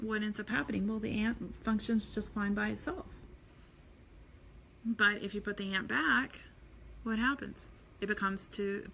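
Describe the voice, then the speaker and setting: Middle-aged woman, earnest spiritual vlogger, loose rambling delivery, bright tone. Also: mid-range voice, a little hiss or hum. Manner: rambling, many fillers and restarts, earnest. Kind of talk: casual inspirational talk.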